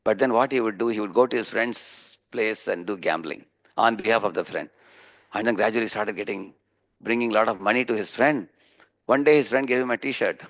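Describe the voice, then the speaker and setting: A man with an Indian accent delivers a sermon, his voice mid-pitched with a gravelly, fry-tinged edge. He teaches through homely stories, stops often to check in with a quick questioning "huh?", and slips into the voices of the people he describes. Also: a bit bright. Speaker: preacher giving a scripture class.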